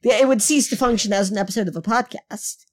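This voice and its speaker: A woman co-hosting a comedy podcast, chatting casually with quick, teasing, swearing banter. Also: medium pitch, darkish tone. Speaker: podcast co-host.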